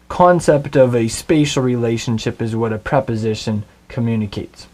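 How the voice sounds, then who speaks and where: A middle-aged man teaching a recorded Hebrew lesson, patient and clear, slowing down to spell out Hebrew words. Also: medium pitch, a little mellow.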